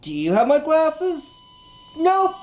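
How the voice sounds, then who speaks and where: A woman's voice: sits high, huge pitch swings, slow pace, full character voice. A woman performing a frantic, foul-mouthed crab creature who mutters and swears nonstop while hunting for lost glasses in a comedy sketch. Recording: roomy, distant, over loud music.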